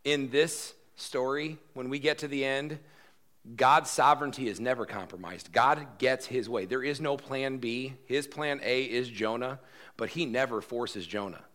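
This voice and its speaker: A man's voice: mid-range voice, unhurried, a bit bright. A man preaching a sermon as pastor, emphatic and conversational, acting out quoted lines.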